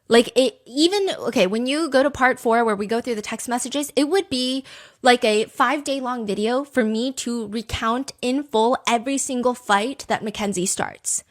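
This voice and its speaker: A woman's voice: a little high, moderate pace. A young woman hosting a true crime show, narrating the case casually with emphatic asides and lots of fillers. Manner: chatty, emphatic, many asides.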